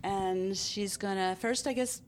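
A woman interviewer in a casual group chat, lively and playful. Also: medium pitch, a little slow.

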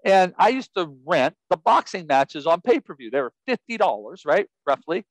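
A man telling a story as an interview guest, lively and laughing often, acting out what people said. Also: a little high, moderate pace, no echo, rough recording. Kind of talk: animated storytelling.

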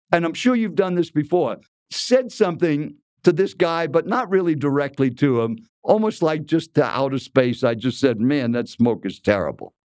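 Male speaker, 80s: lively storyteller, talks straight to the listener, dry close sound. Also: mid-range voice, no room sound. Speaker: keynote speaker and speech coach. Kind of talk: storytelling keynote talk.

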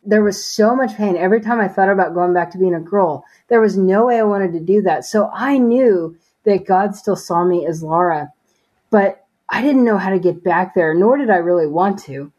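A woman's voice: mid-range voice, normal speed, darkish tone, muffled recording. A woman sharing a personal faith testimony as an interview guest, talking earnestly and casually with many fillers.

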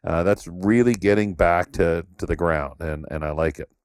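A middle-aged podcast host from Canada talks in a casual, rambling way, with plenty of fillers as he tells stories. His voice sits very low, and the recording is dry and close. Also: normal speed, clean tone, no room sound. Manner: storytelling, rambling with many "you know" fillers. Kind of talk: casual conversation.

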